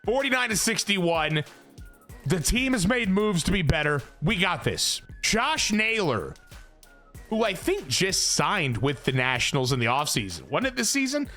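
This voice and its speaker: A man commentating on his own run through a baseball video game's franchise mode, excitable and exasperated and swearing freely. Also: high voice, a little slow, faint music behind. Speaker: gaming YouTuber.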